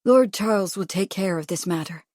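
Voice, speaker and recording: A woman's voice: mid-range voice, moderate pace, a little mellow, no room sound, clean studio sound, natural voice. A woman voicing a tired, stiff middle-aged society mother. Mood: weary.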